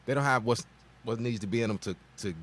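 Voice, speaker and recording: A man's voice: mid-range voice, fast, a bit bright, slight background noise. A man co-hosting a radio talk show, speaking thoughtfully and restarting his sentences as he works out his point.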